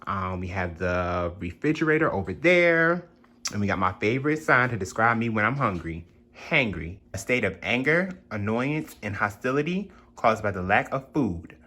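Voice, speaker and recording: A man's voice: lowish voice, sing-song, moderate pace, pushed and bright. Young man, sassy and chatty, drawling slang asides, casual home tour, handheld phone in a small apartment. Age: young adult. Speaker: vlogger giving a home tour.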